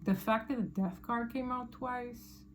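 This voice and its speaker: A woman's voice: a little high, fairly even intonation, unhurried, a bit bright, a little hiss or hum. A woman giving a casual tarot reading to her viewers, chatty and emphatic, with slangy asides. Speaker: tarot reader.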